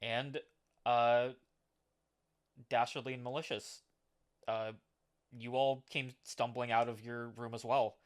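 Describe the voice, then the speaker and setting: A man's voice: medium pitch, level tone, slow, long pauses. Male game master, filler-heavy narration. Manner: descriptive narration with frequent "uh" and "like" fillers.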